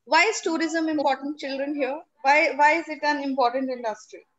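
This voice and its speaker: High-voiced Indian English teacher. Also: female voice, steady tone, brisk, a bit bright, dull audio. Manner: patient, questioning, coaxing pupils to answer. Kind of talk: classroom lesson.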